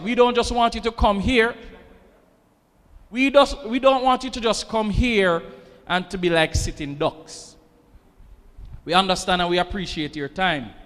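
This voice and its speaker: A man's voice: high voice, fairly bright tone. A man, organizer giving a chatty, informal welcome to students at an event. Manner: chatty and informal, promises and jokes. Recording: reverberant hall, faint ambient noise.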